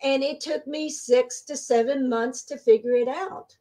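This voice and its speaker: A woman being interviewed as a spiritual medium, telling stories in a casual, animated way and acting out the voices she quotes. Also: a little slow. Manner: animated, acts out quoted voices with sudden pitch jumps. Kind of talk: casual storytelling.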